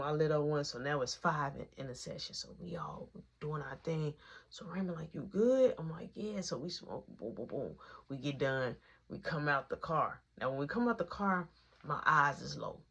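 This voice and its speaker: A woman casually telling a long personal story in slang, acting out each quoted line of dialogue in its own voice. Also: sits low.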